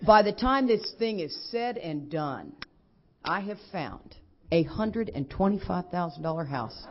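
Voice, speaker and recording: A middle-aged woman, giving a lively personal testimony at a recovery convention and acting out what others said. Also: fairly low pitch. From Texas. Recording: dull lo-fi convention recording.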